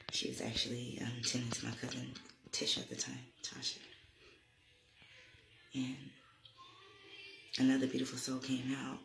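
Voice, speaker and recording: A man's voice: medium pitch, completely flat delivery, normal speed, vocal fry, long pauses, roomy sound, background noise. A man telling a personal story in a rambling, conversational way, often saying "you know" and "like" and laughing as he goes. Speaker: holistic healer vlogger.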